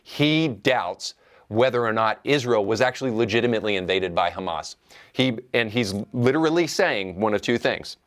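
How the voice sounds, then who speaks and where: A man with a fairly low voice gives commentary on clips. He is measured and argumentative, and he presses his points steadily. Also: expressive, a bit bright. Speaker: host.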